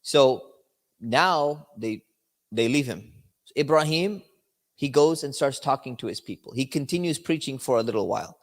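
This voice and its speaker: A man's voice: mid-range voice, animated, moderate pace. Conversational male religious teacher, hall reverb. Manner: conversational, explaining with checks like "right?". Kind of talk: religious lecture.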